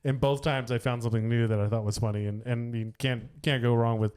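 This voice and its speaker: A man's voice: mid-range voice, steady tone, fast talker, darkish tone, clean tone. Rambling man in casual movie chat. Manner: rambling, many fillers and restarts. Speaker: podcast co-host.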